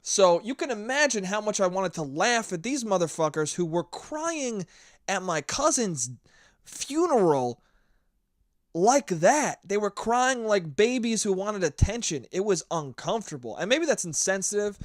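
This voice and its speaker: A young man talks alone into the mic, ranting bluntly and swearing freely. His pitch sits a bit high and swings widely as he gets worked up. The sound is dry and close, with no room around it. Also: very animated, measured pace, no echo. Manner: blunt, profane, ranting storyteller. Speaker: podcast host. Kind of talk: solo podcast monologue.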